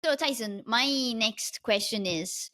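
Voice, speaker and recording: A woman whose first language is Italian, hosting a casual interview in English and agreeing warmly with her guest. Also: on the high side, slow pace. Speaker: host and Italian teacher.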